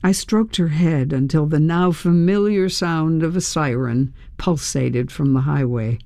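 A narrator reading a tense first-person story aloud in a measured, storytelling manner. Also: medium pitch, gravelly, a little mellow, no room sound, studio quality. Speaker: audiobook narrator.

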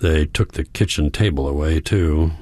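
Audiobook narrator, man, low voice, measured reflective first-person read, dry close sound. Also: warm tone, no room sound.

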